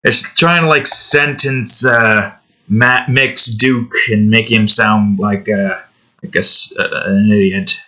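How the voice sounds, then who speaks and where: Slow, rambling young man chatting while drawing. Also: fairly low pitch, steady tone, bright, forceful tone. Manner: rambling, self-correcting, trails off. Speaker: digital artist hosting a drawing series. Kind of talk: casual chat while drawing.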